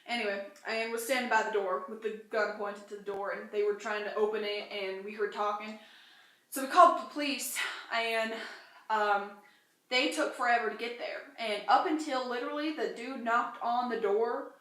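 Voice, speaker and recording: A woman's voice: fairly high pitch, moderate pace, a bit bright. Young woman telling a story, echoey room. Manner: plain, run-on "and then" telling. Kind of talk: casual storytelling.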